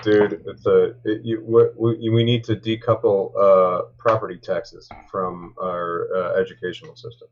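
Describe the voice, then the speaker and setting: A man guesting on a livestream, chatting casually in a halting, agreeable way. His voice sits low and comes through a cheap microphone that muffles it. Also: level tone, slight background noise. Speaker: guest on a stream. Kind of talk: casual stream chat. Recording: dull lo-fi microphone.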